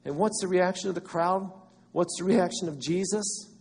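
A man preaching with a slightly high, somewhat husky voice. He rises to loud, emphatic cries and then drops to quiet asides, and a long reverb trails every phrase as if he stands in a large church hall. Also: moderate pace. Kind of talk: sermon.

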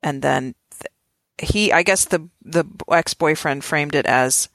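A woman's voice: low voice, slow pace, a bit bright, dry recording, studio quality. A woman co-hosting a casual chat about a reality show, recapping thoughtfully with many hedges. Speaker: podcast co-host.

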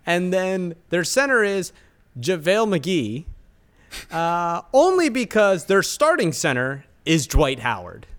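A man's voice: sits high, sing-song, slow, fairly bright tone. A man co-hosting a podcast, mocking a team's roster in dry, casual sports banter. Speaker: podcast co-host.

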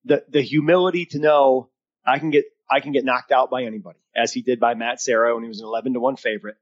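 A man hosting a live podcast in a casual, energetic chat. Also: mid-range voice, fast talker, muffled recording. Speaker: podcast host.

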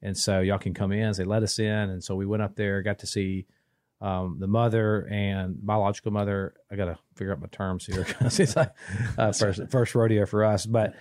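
A man, telling a long story in casual podcast chat, rambling and restarting, animated when he quotes people. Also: lowish voice, no room sound, studio quality. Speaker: podcast co-host.

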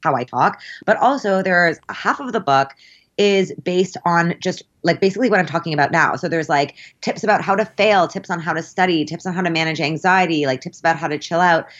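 A woman, a math teacher, chatting casually as an interview guest, quick and animated with lots of "like". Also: on the low side, lo-fi sound. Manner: quick, animated, peppered with likes.

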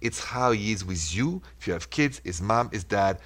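This radio relationship advice host has a French accent and a voice on the low side, expressive and fairly bright, at a moderate pace. Taking calls, he sounds earnest and reassuring, offering short coaching phrases.

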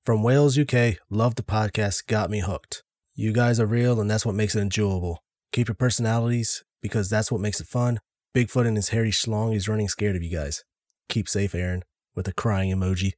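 Laid-back low-voiced man, podcast co-host. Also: fairly even intonation, brisk, darkish tone, dry recording, clean studio sound. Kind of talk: casual chat reading listener reviews.

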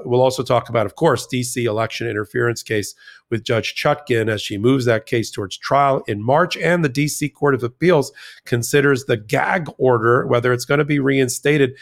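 A man co-hosting a legal commentary podcast, talking in a lively, chatty way with frequent restarts. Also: mid-range voice, gravelly. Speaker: podcast co-host.

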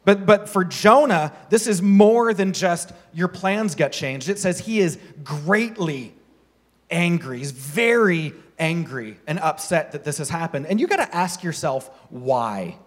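A man with a notably high voice delivers a sermon as a pastor. He keeps it casual and chatty, piling up rhetorical questions for the room. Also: expressive, a little slow. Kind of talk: conversational sermon.

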